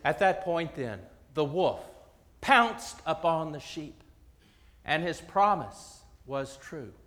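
A man telling a parable in a sermon, dramatic, with long pauses and swings from loud to hushed. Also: a little high, animated, in a large hall.

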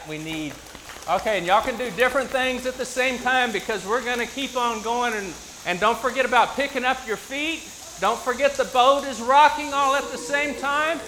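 A man leading an interactive Bible story in church, coaxing his listeners to make sound effects and shouting the quoted lines himself. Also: high voice, a little hiss or hum. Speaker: preacher leading a children's message.

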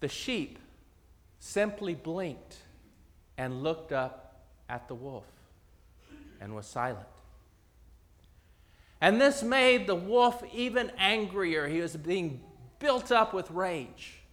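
A man telling a parable in a sermon, dramatic, with long pauses and swings from loud to hushed. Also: sits high, sing-song, long reverb tail.

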